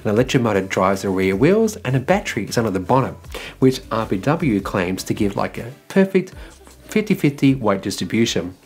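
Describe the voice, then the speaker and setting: A man's voice: lowish voice, big pitch swings, a little fast, husky. A man from Australia hosting an electric car news show, reading his script in a loose, casual way and filling gaps with "like" and "well". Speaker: EV news host.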